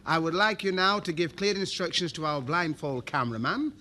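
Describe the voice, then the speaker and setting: A man's voice: a little high, lively intonation, fairly quick, bright, forceful tone. A man hosting a TV game show, jokey and chummy, calling everyone love and flower. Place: TV studio with live audience. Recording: old broadcast tape with audience and hiss. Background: studio audience.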